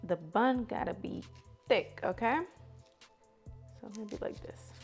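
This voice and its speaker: Woman host, casual cooking tutorial, chatty and direct with viewers, mid-pitched voice, faint music behind. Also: slow, gravelly. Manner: chatty, talks straight to viewers as "you guys".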